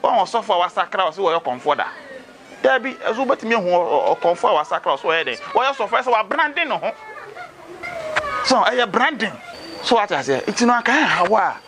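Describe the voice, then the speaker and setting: A smooth-talking Ghanaian adviser. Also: male voice, high voice, normal speed, background noise. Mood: persuasive. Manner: animated, mixing Twi with pidgin English. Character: persuasive adult man, streetwise adviser. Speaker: adviser urging a fetish priest.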